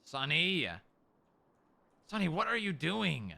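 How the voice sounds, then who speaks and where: A man streaming in-character role-play, coaxing and reassuring as he talks gently to a dog and a hurt friend. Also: fairly high pitch, sing-song, takes it slowly, vocal fry.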